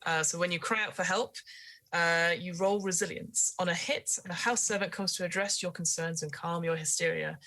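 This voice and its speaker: A woman's voice: fairly low pitch, steady tone, normal speed, bright, forceful tone. A woman running a tabletop horror game as game master, describing scenes with frequent fillers.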